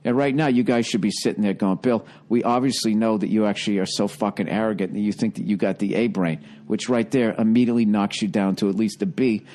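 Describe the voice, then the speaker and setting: A man hosting a podcast, ranting a comedic story in a profane, animated way with a Boston accent. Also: lowish voice, fast, few pauses. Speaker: podcast host.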